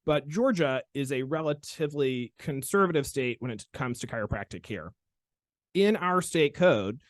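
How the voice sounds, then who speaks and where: A man hosts a casual podcast and tells a story with theatrical flair. His voice sits a little high and swings widely in pitch. The sound is close and dry, with no room behind it. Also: no echo. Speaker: chiropractor and podcast host.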